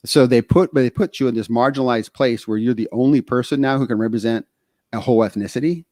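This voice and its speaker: A man from Texas co-hosting a podcast, talking casually in animated stretches, full of fillers and restarts. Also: medium pitch, quick pace, dry recording, clean studio sound. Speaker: podcast co-host.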